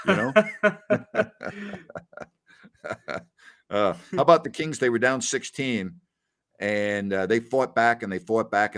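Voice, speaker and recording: A man hosting a casual post-game livestream, animated as he reads out viewer comments. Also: lowish voice. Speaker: podcast host.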